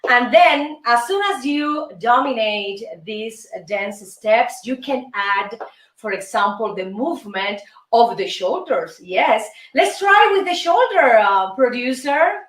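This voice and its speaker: A woman from Cuba with a Cuban Spanish accent, a native Spanish speaker, hosting her show and giving a lively dance lesson, counting out the beats rhythmically. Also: fairly high pitch, slow. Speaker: show host and dance teacher. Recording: roomy room, distant mic, faint music.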